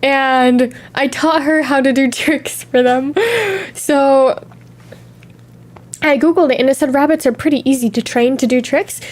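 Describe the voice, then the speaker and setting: A woman's voice: high-pitched, steady tone, a little slow. A young woman streamer talking in a casual, candid chat, drifting from one tangent to the next, a little sniffly from allergies.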